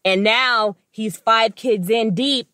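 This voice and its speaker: A woman's voice: fairly high pitch, takes it slowly, sharp tone, no echo, studio quality. An American woman co-hosting a podcast, chatty and opinionated, with casual swearing. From United States. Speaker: podcast co-host. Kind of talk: casual chat.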